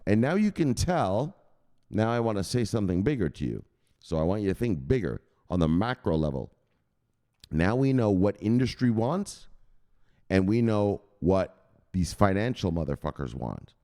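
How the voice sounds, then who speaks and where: Low-voiced guy hosting a crypto stream, swears a lot, big swings in pitch, echoey room. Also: sing-song, normal speed. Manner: profane, hyped, shouts catchphrase "bang"; talks straight to viewers, gives shout-outs. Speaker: crypto news show host. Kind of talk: casual livestream commentary. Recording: echoey room with long reverb.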